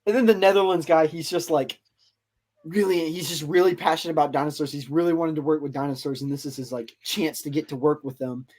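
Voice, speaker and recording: A man's voice: fairly high pitch, fairly even intonation, fast, darkish tone. A man hosting a podcast, retelling a story in a loose, rambling way with lots of fillers. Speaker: podcast host. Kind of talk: casual storytelling chat.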